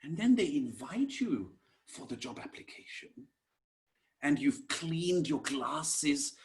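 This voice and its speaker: Slow, lilting male teacher. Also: a little high, big pitch swings. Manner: slow, gentle, repetitive teaching with soft whispered asides; addresses listeners as "my dears". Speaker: Sanskrit teacher. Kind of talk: online class lecture.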